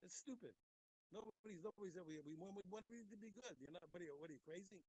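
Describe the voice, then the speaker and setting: A man's voice: high-pitched, rapid-fire, a little mellow, slightly rough, no room sound, rough recording. A man giving an impassioned Torah class, emphatic and repetitive, speaking straight to his listeners. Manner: emphatic, repeats words, talks straight to listeners. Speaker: rabbi teaching a daily Talmud class.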